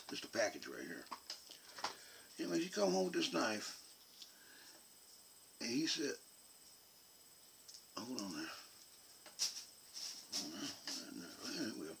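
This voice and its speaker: A man's voice: fairly low pitch, gravelly, noisy background. A man telling a rambling, drawling folksy story as a video host. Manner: drawling, digressive, colloquial. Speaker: YouTube host.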